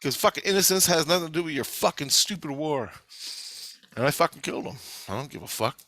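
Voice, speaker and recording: Man vlogger, tense forceful voice, swears constantly, rambling storyteller, dry close sound. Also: a little high, animated, fast, no echo. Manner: profane, intense, rambling storytelling. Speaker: vlogger recounting past-life memories. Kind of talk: casual spoken monologue.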